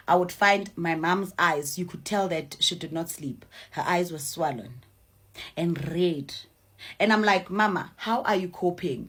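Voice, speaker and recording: A young South African woman whose first language is Swati tells her own story casually as a mother, repeating phrases for emphasis and slipping in Zulu and Swati words. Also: medium pitch. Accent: South African English.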